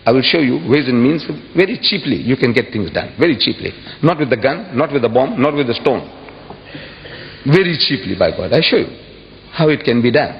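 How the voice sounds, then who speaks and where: A man giving an impassioned public speech to an audience, emphatic and repeating phrases, with sudden high exclamations. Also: sing-song, fairly quick, creaky. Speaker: public speaker addressing an audience. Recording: dull echoey hall recording with faint hiss.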